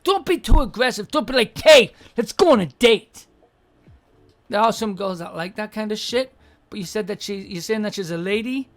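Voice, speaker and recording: A woman hosting an advice show, answering listeners in a blunt, swearing, mocking rant. She keeps slipping into little acted-out scenes with quick mock voices, over faint music. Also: mid-range voice, lively intonation.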